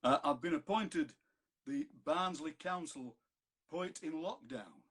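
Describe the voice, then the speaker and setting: A Yorkshire man with a husky, somewhat raised voice, joking between poems and then reading them aloud. He is heard through a video call. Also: fairly high pitch, slow, fairly bright tone. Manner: chatty, jokey, reads verse aloud. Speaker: poet reading at an online fundraiser. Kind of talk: poetry reading with chat.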